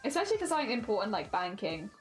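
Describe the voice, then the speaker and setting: A woman's voice: mid-range voice, sing-song, rapid-fire, faint music behind. A woman with a standard British accent, chatting casually on a stream while she works on a craft, rambling with restarts. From Hampshire, England.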